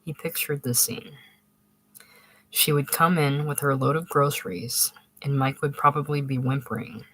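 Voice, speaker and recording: A narrator reading a literary short story aloud in a measured way, with occasional small restarts. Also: medium pitch, steady tone, a bit bright, no echo, rough recording.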